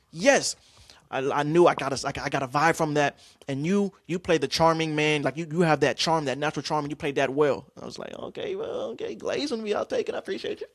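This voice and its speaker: A young man hosting a podcast, casually telling stories about acting class, slangy and animated. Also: fairly high pitch, no echo, studio quality. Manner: animated, acts out scene lines, slangy. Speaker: podcast host.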